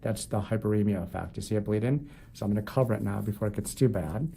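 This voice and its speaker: A low, gravelly male voice with a dark, mellow tone. He is a foot doctor talking through a procedure step by step while he works in a clinic treatment room. His delivery is calm and explanatory, with easy jokes for the patient. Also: fast, a little hiss or hum. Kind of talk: narrating a procedure while working.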